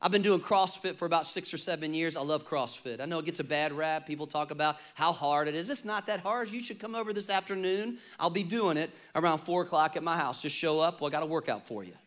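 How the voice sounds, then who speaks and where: A man about to turn fifty, preaching a lively, humorous sermon and calling on the congregation to respond. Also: a little high, quick pace, few pauses. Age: 40s. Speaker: pastor.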